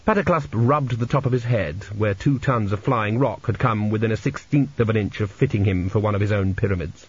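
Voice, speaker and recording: A man narrating a comic fantasy audiobook in a dry, measured storytelling manner, in a lo-fi recording. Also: fairly low pitch, breathy edge. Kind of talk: scripted narration.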